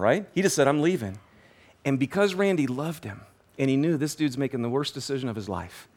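Preaching as a pastor, a man recounts a story energetically, often starting over and repeating himself. He speaks in a mid-range voice.

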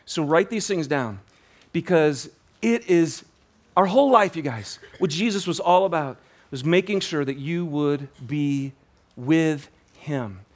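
A man preaching a sermon as pastor, telling a story with animated energy, often restarting and repeating words. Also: fairly high pitch.

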